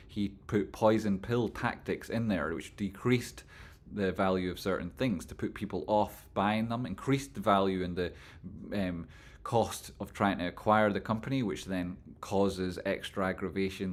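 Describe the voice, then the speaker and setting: A man hosting a casual livestream, rambling and swearing freely as he answers viewers' chat. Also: low voice. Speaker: livestream host reading chat.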